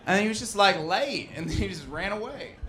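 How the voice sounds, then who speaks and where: A man's voice: high voice, expressive, brisk, fairly bright tone, soft background music. A young adult man performing a brash, profane stand-up set and working the crowd. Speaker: stand-up comedian. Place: basement of a loud bar. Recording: live crowd in a bar basement. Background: laughing audience.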